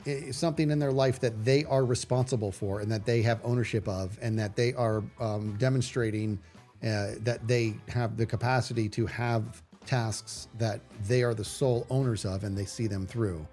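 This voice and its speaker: Man in his forties, livestream host, animated and rambling storyteller, mid pitch. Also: moderate pace, soft background music. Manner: animated, rambling with many restarts. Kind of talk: casual storytelling on a stream.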